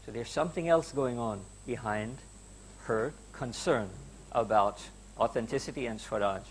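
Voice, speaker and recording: In a lecture hall, a male university lecturer with a mid-range voice speaks at normal speed, with a little hiss or hum in the audio. His academic lecture is emphatic and conversational, using rhetorical questions and some hesitation fillers.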